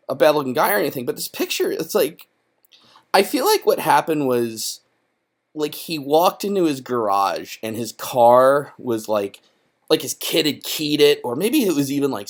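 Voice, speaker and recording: A young man casually reading through a children's book on camera, mocking it with profane, rambling, sarcastic asides full of fillers. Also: mid-range voice. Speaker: YouTuber reviewing a children's book.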